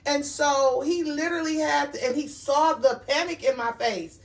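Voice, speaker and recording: A woman's voice: high voice, normal speed, far from the mic. A woman in her fifties hosting a talk show, telling stories in an emphatic, motherly way. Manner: warm motherly storytelling, emphatic. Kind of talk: casual conversation.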